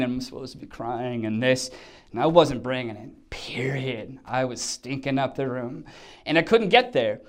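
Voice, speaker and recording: A male actor telling an animated story in a casual chat, acting out quotes and sound effects. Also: medium pitch, clean tone. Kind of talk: casual anecdote.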